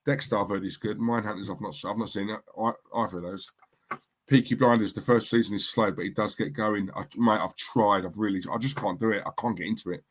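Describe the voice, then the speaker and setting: A man's voice: on the low side, steady tone, fairly quick. A man hosting a live stream, chatting casually and reading out viewer comments in a rambling, repetitive way. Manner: chatty, rambling, repeats himself. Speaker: livestream host.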